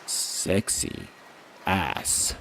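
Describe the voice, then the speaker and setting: Extremely slow, with a pushed, bright voice, a male streamer reads a dating game aloud, playfully commenting, laughing at his own jokes, and trying character voices. Game music runs behind him, along with a little hiss or hum.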